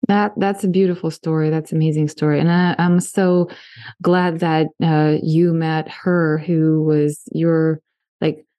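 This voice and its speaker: A woman's voice: low-pitched, little pitch movement, a little slow, dark tone, dry recording. A woman hosting an interview, enthusiastic and effusive in her reactions to her guest. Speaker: podcast host, interviewer. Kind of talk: casual interview.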